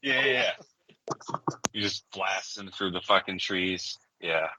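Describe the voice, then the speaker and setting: A man's voice: low voice, unhurried, pushed and bright, slight background noise, low-quality recording. A man in his forties chatting casually as a podcast co-host, blunt and profane, rambling from point to point. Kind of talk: casual chat.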